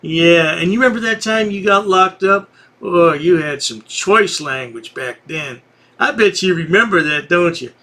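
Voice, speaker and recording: Sarcastic high-voiced man commentator. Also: animated, unhurried, sharp tone. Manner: sarcastic, taunting. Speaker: commentary channel host. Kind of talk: mocking voice-over commentary.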